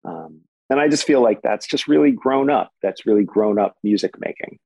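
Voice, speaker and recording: A man in his forties, a guitarist guest, telling stories in a relaxed, chatty way with many fillers. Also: on the low side, normal speed, gravelly, no room sound, highs cut off. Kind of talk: conversational storytelling. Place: home. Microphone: remote recording.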